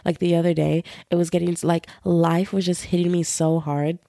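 A woman's voice: on the low side, normal speed, vocal fry, no echo, clean studio sound. A woman in her twenties hosting a casual solo podcast, chatty and slangy, sounding a bit run-down. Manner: chatty, slangy, animated storytelling. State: feeling run-down. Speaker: podcast host.

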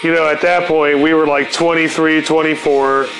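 With music playing in the background, a forties-aged podcast host tells casual, rambling stories full of profanity in a laid-back stoner style. He speaks at a moderate pace in a fairly high, level voice.

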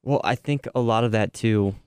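A man joins the conversation on his podcast, thinking aloud with halting restarts. His voice sits very low and comes across smooth and resonant. It is recorded close and dry. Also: a little mellow, no room sound. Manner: hesitant, restarts, reflective. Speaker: podcast co-host.

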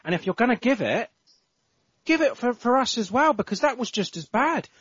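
A man's voice: extremely high pitch, very animated, fairly quick, fairly bright tone, husky, no room sound. A man co-hosting a casual football podcast, ranting in exasperation and swearing often. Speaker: podcast co-host. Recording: dull lo-fi podcast audio.

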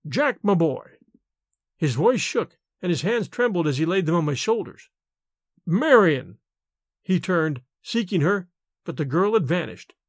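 A male audiobook narrator reads a novel aloud in an expressive, storytelling style of scripted narration. His fairly high-pitched voice moves at a moderate pace, with studio quality and no room sound.

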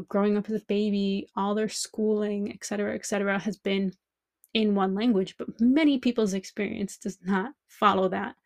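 A woman's voice: mid-range voice, darkish tone, no room sound. A woman language teacher hosting a podcast, thinking aloud in a reflective monologue full of rhetorical questions.

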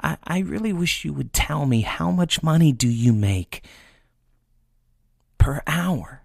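A man voicing a pleading four-year-old boy who asks his father questions softly and hesitantly. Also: fairly high pitch, lively intonation, takes it slowly, vocal fry, no echo, studio quality, pitched above the performer's own voice, exaggerated voice.

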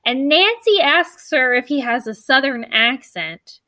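A woman's voice: high-pitched, expressive, a little slow, pushed and bright, no room sound. A woman co-hosting a podcast, retelling a mystery novel in a chatty, puzzled way with many restarts. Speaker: podcast co-host. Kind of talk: casual book discussion.

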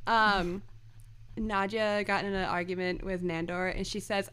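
Bright, giggly woman podcaster. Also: mid-range voice, measured pace, smooth. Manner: giggly, gushing, quotes lines from the show. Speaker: podcast co-host. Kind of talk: casual podcast chat.

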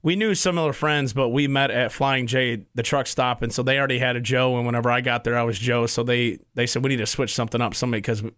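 A man's voice: mid-range voice, steady tone, fast, hardly any pauses, a bit bright, no room sound. Easygoing man with a dry sound. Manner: easygoing storyteller, laughs at himself. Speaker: co-host. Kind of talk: casual chat.

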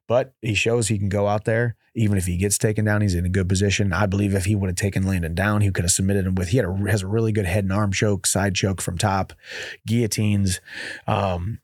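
A man's voice: fairly quick, no echo. Man, coach and host, casual fight breakdown, punchy play-by-play calls, close dry studio sound. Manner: animated play-by-play with "boom" exclamations.

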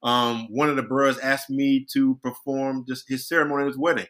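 A man's voice: medium pitch, flat delivery, a little fast, fairly bright tone. A man on a podcast, reflecting and telling a personal story in casual chat, often restarting his sentences. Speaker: podcast co-host.

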